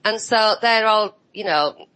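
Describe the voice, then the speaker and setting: A woman's voice: medium pitch, measured pace, bright, forceful tone, rough recording. A woman on an online roundtable, talking bluntly and sarcastically and mimicking other people's voices as she tells her side. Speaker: roundtable guest. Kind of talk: casual online roundtable chat.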